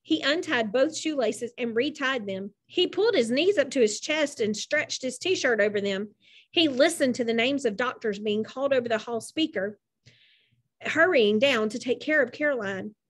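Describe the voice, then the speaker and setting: Expressive high-voiced woman reading aloud. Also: moderate pace. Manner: expressive, animated narration. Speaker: narrator.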